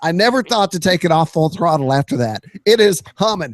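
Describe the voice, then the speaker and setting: Male podcast host, lively storyteller, bursts of shouting, bright-pitched, dry studio sound. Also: brisk, dry recording. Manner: excitable, shouts sound effects and quoted voices.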